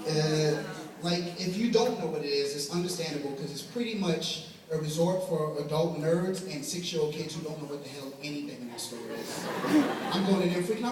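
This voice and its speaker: A man's voice: fairly high pitch, lively intonation, moderate pace. Young man doing stand-up, echoey hall. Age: young adult. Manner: rambling, self-deprecating, laughs at own jokes. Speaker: stand-up comedian. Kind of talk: stand-up comedy set. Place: large hall at a talent show. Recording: echoey hall recorded from far off, with crowd noise. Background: audience laughing and cheering.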